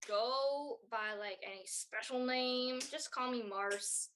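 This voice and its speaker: An easygoing gnome-shaped queen and tinkerer, voiced by a woman, talks in a casual, unfussy way. The voice is slow and relaxed, in a tabletop game. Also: fairly high pitch, slight background noise, voice pushed up.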